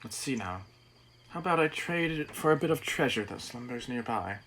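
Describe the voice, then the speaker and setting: A man's voice: mid-range voice, animated, normal speed, fairly bright tone, a little hiss or hum, natural voice, rough recording. A man voicing a mysterious old man from a game, reading the dialogue aloud in a put-on accent. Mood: sly.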